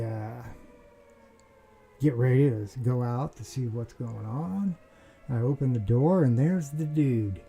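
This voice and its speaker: A man speaks slowly in a dark, mellow voice while he tells a personal grievance as a casual monologue. He rambles and circles back, restarting his sentences, and throws in a curse now and then. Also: medium pitch, creaky, rough recording. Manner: rambling, restarts, swears, aggrieved. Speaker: vlogger.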